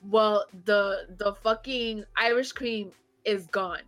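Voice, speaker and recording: A woman in her thirties telling a rowdy story in casual chat, animated and swearing, laughing as she goes. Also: medium pitch, takes it slowly, soft background music.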